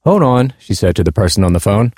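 A man earnestly reading aloud a personal essay about his blind parents' experiences, in a measured tone. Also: low-pitched, warm tone, slightly rough, no room sound, clean studio sound. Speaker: speaker on disability awareness.

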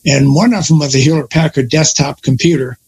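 A man's voice: fairly high pitch, fairly quick, a little mellow, husky, poor audio. An older man telling long stories from his working life in a casual conversation, often stopping to correct himself. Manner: rambling storyteller, self-correcting. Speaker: guest.

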